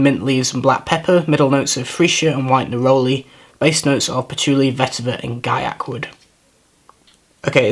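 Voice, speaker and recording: A man at an ordinary middle pitch reviews fragrances in a relaxed, unscripted way. He pauses, restarts and repeats words while working out what he smells, and he is often apologetic about himself. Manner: thoughtful, hesitant, self-deprecating, repeats words while searching. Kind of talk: casual product review.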